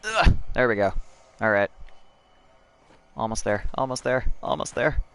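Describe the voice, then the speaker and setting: A man's voice: mid-range voice, very animated, measured pace, a bit bright, clean tone. A young American man streaming a game, chatting with viewers and swearing in frustration. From United States. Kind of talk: casual gameplay commentary.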